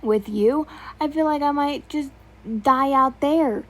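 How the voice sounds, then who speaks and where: A woman's voice: mid-range voice, steady tone, measured pace, a little mellow, slightly rough. A woman voicing a frightened young woman in an amateur audio story, speaking tensely and pleadingly. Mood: defiant.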